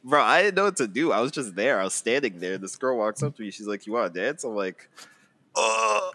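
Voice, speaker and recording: A man's voice: medium pitch, expressive, fast talker, pushed and bright. A young man in his twenties, a podcast co-host who teases his friend and laughs a lot. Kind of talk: casual chat.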